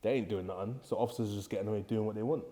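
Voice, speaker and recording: Rapid-fire and low, with a dark tone, this young Bristol-accented Englishman is a prison officer appearing as a podcast guest. He chats casually, spinning stories in street slang and impersonating the people he quotes.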